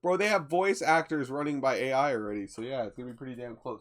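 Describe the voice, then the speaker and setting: A man's voice: medium pitch, fast, few pauses. Chill young guy rambling to his stream chat, lots of ums and likes, swears casually, midrange voice. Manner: rambling, laid-back, swears freely, lots of fillers. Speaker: livestream host.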